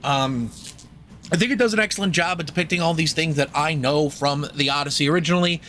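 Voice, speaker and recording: A man's voice: a little high, fast talker, fairly bright tone, a little hiss or hum. A young man co-hosting a film podcast, talking in a rambling, jokey, profane way. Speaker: podcast co-host reviewing a film. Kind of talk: casual chat.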